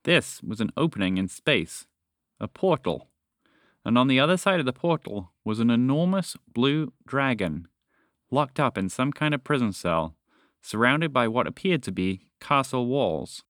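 Man, storybook narrator, lively pitch, bright voice, dry close sound. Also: measured pace, no room sound. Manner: expressive, animated. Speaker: storyteller and podcast host.

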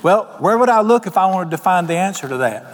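Delivering a sermon in a long, reverberant hall, this pastor talks fast with a high, expressive voice. He's a folksy storyteller who tells homespun tales, imitates the voices of people he quotes, and asks his congregation questions.

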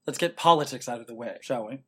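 A man's voice: mid-range voice, quick pace, husky. A man in his forties co-hosting a podcast, trading campy quips and riffs in casual chat. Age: 40s. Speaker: podcast co-host. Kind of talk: casual banter.

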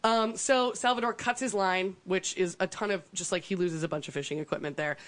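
A woman's voice: fairly low pitch, fairly quick, a bit bright. Chatty woman telling a story, laughing. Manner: chatty, laughs often, lots of ums and likes. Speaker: podcast co-host telling a survival story. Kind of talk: casual storytelling chat.

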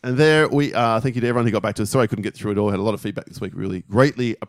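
A middle-aged man co-hosting a podcast, reading listener feedback in a dry, brisk way. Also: fairly low pitch, dry recording. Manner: dry, brisk, reads out messages. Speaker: podcast co-host.

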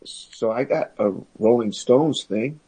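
A man co-hosting a casual chat from his sister's kitchen table, speaking haltingly with many restarts. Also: medium pitch, dark tone, breathy edge, poor audio. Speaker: podcast co-host.

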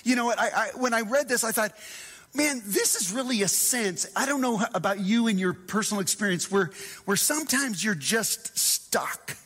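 High voiced pastor guy preaching, animated, acts out the bible bits, long hall echo. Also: normal speed. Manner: animated, acts out scripture voices, dropping to hushed tones. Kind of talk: sermon.

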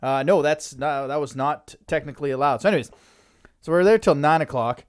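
A man's voice: a little high, a little fast, no room sound, studio quality. A man from Canada hosting a podcast, telling a travel story in a chatty way and laughing often. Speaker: podcast host. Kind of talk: casual podcast chat.

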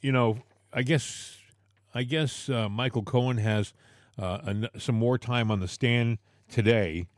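A man's voice: mid-range voice, fairly even intonation, measured pace, no room sound, clean studio sound. Emphatic man talking politics. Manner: emphatic, repeats words. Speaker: talk show co-host. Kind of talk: political talk.

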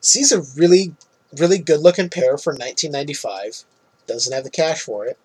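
Husky-voiced man recapping a movie. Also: on the high side, a little fast. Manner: animated, laughs often, swears freely. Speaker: podcast co-host. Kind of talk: casual movie recap chat.

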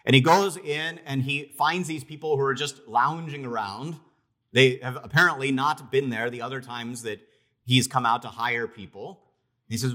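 A man preaching a sermon, retelling a parable in a conversational, storytelling way, with emphatic pauses and restarts. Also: mid-range voice, bright, forceful tone. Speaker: pastor.

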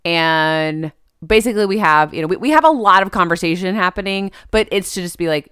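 A woman's voice: lowish voice, expressive, moderate pace, fairly bright tone, smooth, no room sound, studio quality. A woman co-hosting a casual movie podcast, retelling scenes with quoted lines and frequent laughter. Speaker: podcast co-host. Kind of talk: casual movie review chat.

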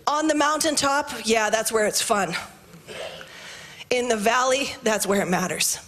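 A woman pastor delivers a sermon in church, her voice pitched high. She moves from fervent, near-shouted declarations to quiet, chatty asides to her congregation. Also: a little slow. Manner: impassioned, rising to shouts, then hushed and conversational.

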